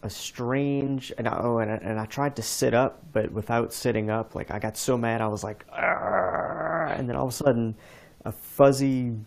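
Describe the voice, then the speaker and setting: A man's voice: medium pitch, steady tone, moderate pace, a little mellow. A man hosting a podcast, telling a rambling story in casual chat with many restarts. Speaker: podcast host.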